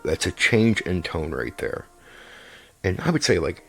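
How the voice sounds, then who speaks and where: A man with a very low, gravelly voice talks through tabletop role-play advice. He is emphatic and repeats his points, swearing now and then. His voice is husky, with faint music underneath. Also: very animated, measured pace, a bit bright. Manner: emphatic and repetitive, swears casually. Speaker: game master giving player advice. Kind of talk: casual advice talk.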